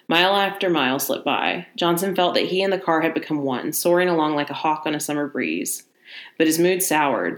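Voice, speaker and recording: A woman reading a short story aloud in a relaxed manner. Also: low voice. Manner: relaxed, laughs easily between passages.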